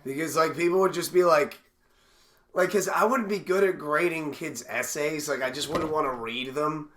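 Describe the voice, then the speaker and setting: A man's voice: fairly high pitch, normal speed, a bit bright. A young man co-hosting a comedy podcast, mocking and laughing often as he talks. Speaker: podcast co-host. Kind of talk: casual comedic chat.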